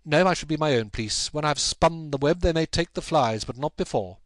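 A man voicing an intense, brilliant detective in an audiobook, with a brisk and emphatic delivery. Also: fairly high pitch, expressive, no room sound, voice pushed up, lightly acted. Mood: agitated. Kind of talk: audiobook character voice.

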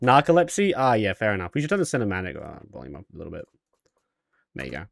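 A man's voice: fairly low pitch, wildly swooping pitch, fast talker, vocal fry, slight background noise. Cocky, joking male streamer. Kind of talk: casual gameplay commentary.

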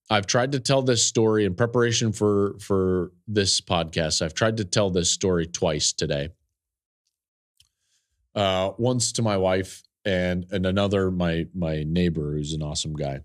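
A man's voice: sits low, a little slow. A male podcast host telling a personal story in an earnest, openly emotional way. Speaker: podcast host, football analyst.

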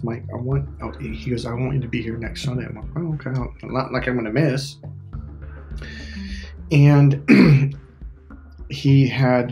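A man's voice: medium pitch, darkish tone. A middle-aged man, a spiritual life coach, telling a long personal story in a rambling, casual way, swearing now and then and acting out what other people said. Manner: rambling, profane, restarts often, voices other people in his story.

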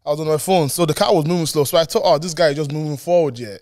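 A man's voice: on the high side, very fast, dry recording, clean studio sound. A young man co-hosting a casual podcast chat, telling stories with energy and acting out the quotes. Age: young adult. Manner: animated storyteller who acts out quotes. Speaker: podcast co-host.

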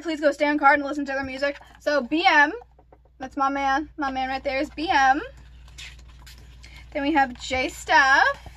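A young woman vlogger chatting casually through an unboxing, gushing and excitable with lots of gasps and fillers. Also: high voice, normal speed.

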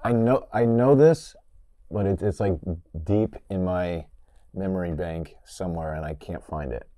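A man with a very deep voice stalls and trails off as he gropes for quiz answers. The recording is dry and close. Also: measured pace, mellow, no room sound. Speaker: quiz contestant. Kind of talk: casual comedic quiz banter.

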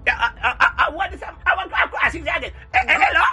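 A shrieking old Jamaican granny, as a performer puts her on, yelling down the phone in thick patois. Her voice sits very high and swoops wildly, with a piercing, sharp edge. She scolds and shouts without letting up. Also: animated, quick pace, faint music behind, heavily acted. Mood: scolding. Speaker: grandmother on a phone call.

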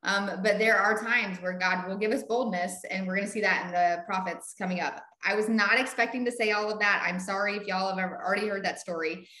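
A middle-aged woman, leading a Bible study and telling a story in animated casual chat. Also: medium pitch, fairly quick, few pauses. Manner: animated, acts out quoted voices. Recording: echoey room.

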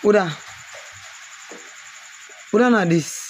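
A woman from Sierra Leone with a Krio accent, vlogging outdoors in a family compound on a handheld phone. She teases with quick questions and also explains things. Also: mid-range voice, over music. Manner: teasing, rapid questioning, then explaining. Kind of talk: casual vlog talk, teasing and touring.

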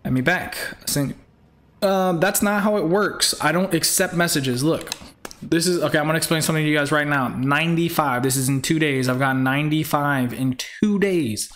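A man's voice: fairly high pitch, normal speed, a bit bright, a little hiss or hum. A young man hosting a live game stream in casual chat, greeting viewers by name and firmly repeating himself.

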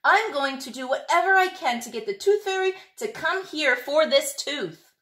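A woman voicing a caring mother shark in a storybook, gentle in tone. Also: sits high, expressive, moderate pace, voice pushed up.

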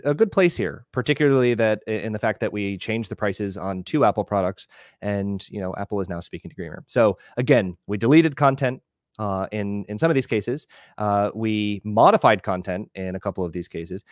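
A man giving a relaxed live screen-share tutorial on a video call, explaining as he clicks through. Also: on the low side, dry recording, studio quality. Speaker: webinar instructor.

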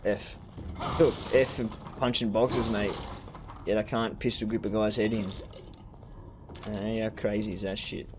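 A young man commentating a horror game playthrough, swearing and ranting with excitable outbursts. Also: mid-range voice, fairly quick, background noise. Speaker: gaming streamer. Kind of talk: let's play commentary.

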